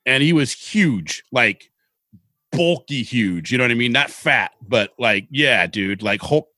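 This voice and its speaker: Middle-aged man from Seattle, podcast co-host, rambling animated storyteller, dry close sound. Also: medium pitch, a little slow, dry recording. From Seattle, Washington. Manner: rambling, animated anecdotes with casual swearing. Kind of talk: casual storytelling chat.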